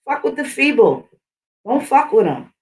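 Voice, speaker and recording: A middle-aged woman speaks straight to her channel's viewers in a casual, combative rant. She talks bluntly and swears often. Her voice sits a little higher than most women's. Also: big pitch swings, a little slow, darkish tone, distant mic. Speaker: channel host. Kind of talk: casual ranting monologue.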